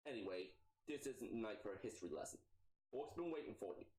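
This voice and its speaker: A man's voice: on the low side, expressive, fast talker, reverberant, natural voice, rough recording. A man voicing a tough, impatient female vampire second-in-command in a game, talking brusquely. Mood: curt. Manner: brusque, sharp, street-tough.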